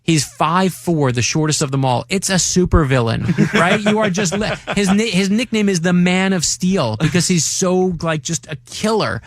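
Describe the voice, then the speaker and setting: A male author being interviewed in a radio studio, an excited storyteller who acts out quotes. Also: high-pitched, normal speed, hardly any pauses, no room sound. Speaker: author guest. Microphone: studio microphone.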